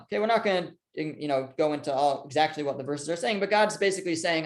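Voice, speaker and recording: A rabbi teaching a casual class, reading verses aloud and explaining them conversationally with fillers and restarts. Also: male voice, on the high side, a little fast, few pauses. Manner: conversational, with fillers, restarts, and lively quoted dialogue.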